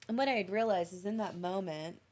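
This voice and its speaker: A woman's voice: medium pitch, fairly quick, darkish tone, a little hiss or hum. A woman, a podcast guest, telling an emotional personal story in an earnest, reflective way. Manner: earnest, reflective, tells stories in detail.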